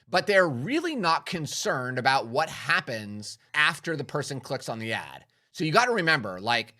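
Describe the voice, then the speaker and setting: A man's voice: medium pitch, sharp tone. A man speaking as a marketing coach in a direct business talk, emphatic and persuasive, often asking his audience questions.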